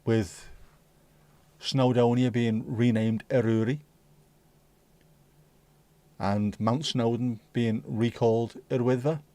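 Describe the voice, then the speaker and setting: A livestream host with a medium-pitched, steady, mellow voice speaks slowly with long pauses and no room sound. He chats casually and swears while reading out and bantering with viewers' live chat comments.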